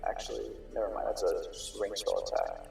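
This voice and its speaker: A man running a tabletop game as game master, narrating in a halting way with fillers and restarts. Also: lowish voice, wildly swooping pitch, creaky, darkish tone. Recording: echoey room, distant mic, faint music.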